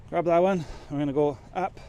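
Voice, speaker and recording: A man's voice: on the high side, fairly even intonation, brisk, dark tone, clear, resonant tone, lo-fi sound. A man chatting casually as he loads his truck outdoors, rambling and joking at his own expense. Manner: chatty, rambling, self-mocking. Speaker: truck driver vlogger. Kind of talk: casual chat while working. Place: outdoors at a loading yard in rain.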